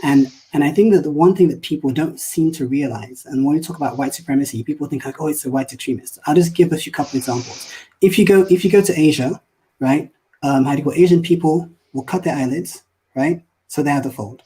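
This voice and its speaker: A man from London speaks with a British accent as a guest on a video call. He talks quickly and often stops to search for the right word. His voice is husky and mellow. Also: fairly high pitch, low-quality recording. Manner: rapid, searching for words with many fillers. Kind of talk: casual interview talk.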